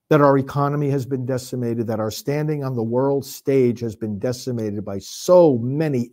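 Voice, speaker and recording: A man's voice: mid-range voice, a little mellow. A priest giving an impassioned political commentary in a preaching cadence, firing off rhetorical questions and speeding up in bursts as he gets worked up. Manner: rapid bursts when worked up.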